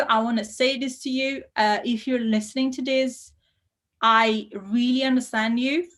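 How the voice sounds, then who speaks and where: A woman hosting a live language-learning Q&A, bubbly and effusive with excited bursts. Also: on the high side, moderate pace. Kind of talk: casual live-stream chat.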